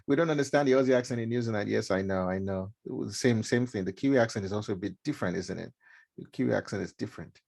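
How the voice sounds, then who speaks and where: With a gravelly, darkish mid-range voice, this middle-aged Nigerian man speaks animatedly and fairly quickly. He's delivering an informal mentorship talk to a live stream audience, chatty and riddled with fillers and repeated words.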